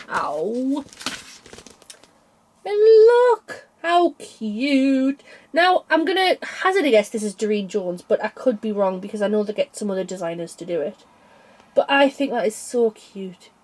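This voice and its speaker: A young woman chatting casually about cross stitch designs, tired and yawning, rambling with small laughs. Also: on the high side. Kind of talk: casual chat.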